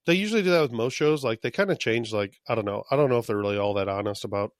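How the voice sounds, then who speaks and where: A man's voice: medium pitch, racing, dry recording, clean studio sound. A man co-hosting a podcast in casual chat, loose and profane, often laughing. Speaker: podcast co-host.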